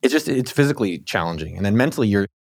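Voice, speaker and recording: Male podcast host and author, rapid chatty delivery with a lowish voice, dry close sound. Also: gravelly, no echo. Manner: quick, animated, self-deprecating. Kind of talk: casual conversation.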